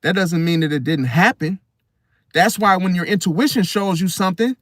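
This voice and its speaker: A man with a somewhat high voice talks straight to his viewers in an emphatic, casual monologue. He keeps circling back to the same phrases and checking in with "See?" The sound is dry and close, with no room around it. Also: normal speed, a bit bright, dry recording. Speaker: astrology channel host.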